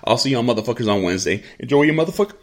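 Middle-aged male podcast host, foul-mouthed ranting, mid pitch. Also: lively intonation, rapid-fire. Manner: profane, blunt, rants and repeats himself. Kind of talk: profane angry rant.

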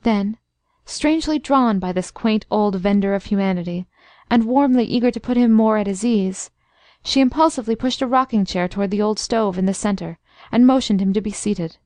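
A woman narrating a classic story in a steady, even storytelling voice. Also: medium pitch, normal speed, no room sound, clean studio sound. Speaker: audiobook narrator.

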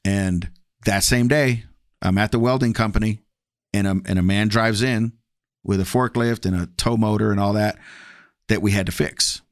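In a clean studio recording without echo, a man speaks at a moderate pace in a fairly low, steady tone. He candidly shares his personal testimony as a guest, reenacting old dialogues with different voices in a casual way.

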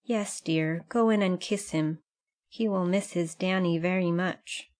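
A woman reads as a gentle, motherly wife from a storybook, soft and pleading in tone. Her voice is fairly low and quiet. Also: unhurried, lightly acted. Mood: tender.

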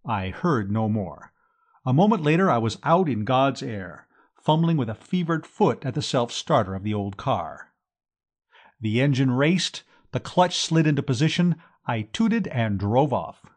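A man narrating a comic novel in the first person, brisk and jaunty. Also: mid-range voice, expressive, a little mellow. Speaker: audiobook narrator.

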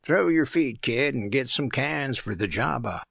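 A man's voice: mid-range voice, animated, unhurried, creaky, a bit bright, husky, dry recording, studio quality, heavily acted. A man voicing a self-assured male tramp cook who gives curt, superior orders. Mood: commanding.

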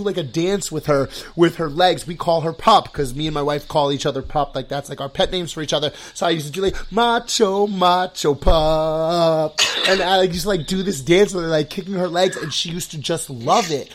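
A young man hosts a casual podcast chat, talking in long, rambling runs packed with fillers. His voice sits a bit high for a man. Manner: rambling, full of "like" fillers, excitable. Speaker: podcast host.

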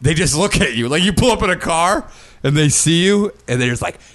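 Lively-pitched man bantering crudely. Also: a little fast. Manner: joking, laughs often, slips into silly voices. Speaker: podcast co-host.

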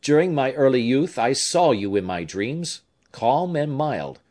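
A man's voice: medium pitch, sing-song, a little slow, a little mellow, voice pushed up. A man voicing a devoted young nobleman who speaks fervently and with emotion. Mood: tender.

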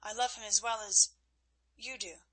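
A woman's voice: medium pitch, steady tone, moderate pace, a bit bright, natural voice, poor audio. A woman reading an ardent young knight. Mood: pleading. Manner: pleading and wry. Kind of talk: audiobook character reading.

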